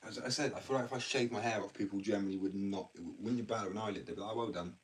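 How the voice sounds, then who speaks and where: Speaking quickly and in a steady tone, a young English streamer rambles through a blunt, slangy rant during a laid-back livestream. His pitch is fairly low, and the distant microphone lets in faint noise from the background.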